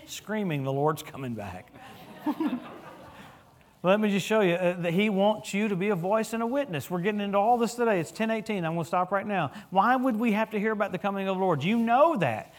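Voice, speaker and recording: Animated middle-aged male preacher. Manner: animated storytelling with humor, lively pitch swings. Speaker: guest preacher. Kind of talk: sermon. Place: church.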